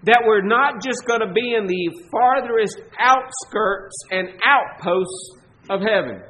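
A man with a Southern US accent preaching a sermon as pastor, emphatic, stretching key words and swinging between loud and soft. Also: high-pitched, expressive, rough recording. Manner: emphatic preaching, swelling and dropping in volume, slow stressed words.

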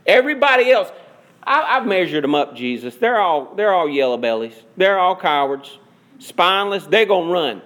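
A preacher playing a brash boasting disciple. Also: male voice, high voice, sing-song, normal speed, a bit bright. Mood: boastful. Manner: bragging, emphatic vows. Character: boastful eager male disciple, brash and loyal.

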